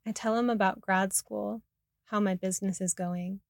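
A woman reading her personal memoir aloud in a soft, reflective, intimate way. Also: medium pitch, steady tone, normal speed, gravelly, no room sound, clean studio sound. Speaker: narrator.

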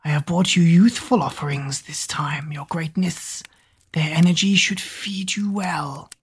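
Whispered role-play: woman as sly lizard manservant, oily and grovelling, husky hush. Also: low voice, full character voice. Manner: hissing whisper, slow and oily. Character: fawning male lizard servant, sly and grovelling.

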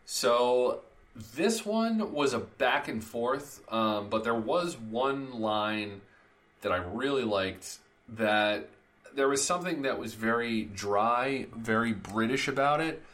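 A man's voice: medium pitch, expressive, slow, fairly bright tone. A man co-hosting a film review podcast in casual chat, thinking aloud with restarts. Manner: hesitant, lots of restarts. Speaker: podcast host.

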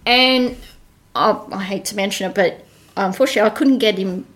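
A woman, a podcast guest chatting through a personal story and acting out the voices in it. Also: a bit bright. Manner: chatty, acts out voices in her story with quick pitch jumps. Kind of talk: casual storytelling.

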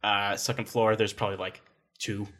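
A man's voice: on the low side, little pitch movement, a bit bright. A man running a tabletop role-playing game as game master, narrating scenes in a casual, joking way. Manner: casual, laughing, quick asides.

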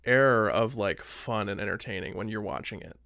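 A man's voice: on the low side, normal speed, gravelly, sharp tone, dry recording, clean studio sound. A man co-hosting a podcast, chatting casually about movies and rambling with lots of filler words. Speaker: podcast co-host.

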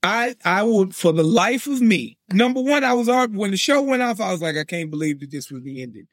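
Animated male podcast co-host, high-pitched, dry close-mic sound, acts out his reactions. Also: dry recording. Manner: animated, acts out his own thoughts in quotes. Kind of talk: casual wrestling podcast chat.

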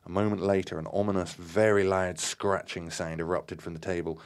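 Deep-voiced man reading a tale aloud. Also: little pitch movement, normal speed. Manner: acts out shouted dialogue, many fillers and restarts. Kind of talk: reading aloud from a book with comments.

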